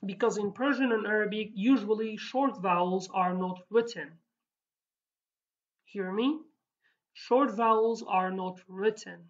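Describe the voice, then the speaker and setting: A woman's voice: mid-range voice, measured pace, lo-fi sound. Hesitant woman teaching a language lesson. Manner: hesitant, many fillers and restarts. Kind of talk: casual spoken lesson.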